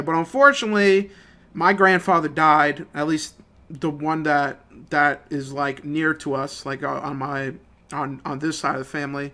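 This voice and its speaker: A young man ranting in a casual, profane, rambling way, swinging between low mutters and loud outbursts. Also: normal speed. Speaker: gaming channel host. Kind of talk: casual rant over gameplay.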